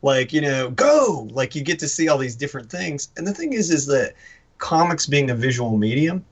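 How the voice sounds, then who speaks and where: A man's voice: on the high side, a little fast, husky. A man co-hosting a comic book podcast, talking animatedly and acting out lines for emphasis. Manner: animated, acts out lines with emphasis, laughs often. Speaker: podcast co-host. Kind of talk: casual chat.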